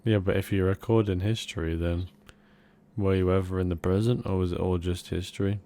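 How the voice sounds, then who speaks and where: A young man co-hosting a casual comedy podcast, rambling in a mock-earnest, deadpan way. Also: deep voice, brisk. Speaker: podcast co-host.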